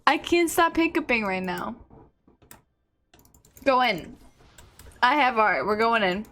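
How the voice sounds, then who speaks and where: A woman's voice: on the high side, expressive, slow pace, pushed and bright. A young woman streaming a game, hiccuping, giggling and swearing in casual chat.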